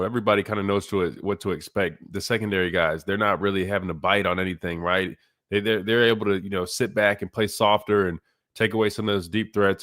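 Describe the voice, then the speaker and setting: A man's voice: lowish voice, fairly bright tone, no echo, studio quality. A man hosting sports talk radio in a casual, rambling way, his voice nasal and congested. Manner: casual, rambling, many fillers.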